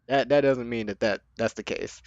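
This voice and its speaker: A man's voice: medium pitch, steady tone, moderate pace, dry recording, muffled recording. A man arguing back in a casual, profane chat, repeating his point over and over. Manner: argumentative, profane, repeats himself.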